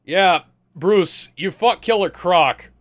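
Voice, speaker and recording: A man's voice: sits high, slow, a bit bright. A man casually riffing on a movie as a commentary co-host, sarcastic and exasperated, swearing freely.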